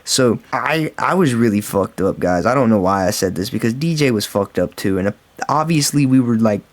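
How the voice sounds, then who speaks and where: A man's voice: medium pitch, lively intonation, brisk. A man telling a casual storytime vlog story, rambling and swearing freely and calling his viewers guys and bro. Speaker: storytime vlogger.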